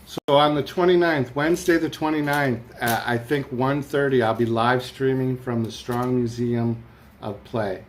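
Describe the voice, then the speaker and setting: A man chats casually on a live stream from his room at home, with a fan going, rambling and reading out the comments viewers send in. He has a mid-range voice with a steady tone at normal speed, and a slight hiss or hum in the background.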